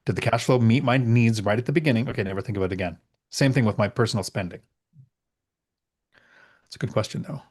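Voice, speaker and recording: A man's voice: mid-range voice, fast talker, long pauses, a little mellow, slightly rough. A middle-aged man hosting a casual live question-and-answer chat, reading out viewer questions and answering frankly with emphatic repetition. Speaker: host.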